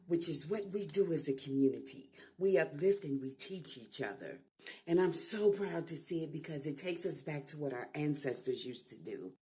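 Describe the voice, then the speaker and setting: A woman's voice: low-pitched, a little mellow. Angry woman ranting. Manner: emotional, heated, swearing. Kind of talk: angry video rant.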